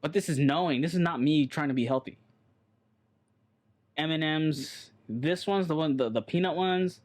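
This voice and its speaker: A man's voice: fairly high pitch, moderate pace. A man co-hosting a casual podcast chat, rambling and blunt, swearing offhandedly. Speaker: podcast co-host.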